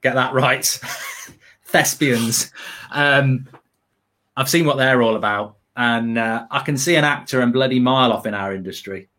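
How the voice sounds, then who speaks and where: Male pundit, casual anecdote teller, rambling and self-mocking, mid-pitched. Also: a little slow, pushed and bright. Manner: rambling, laughing, self-mocking, lots of fillers. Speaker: football pundit. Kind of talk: casual storytelling chat.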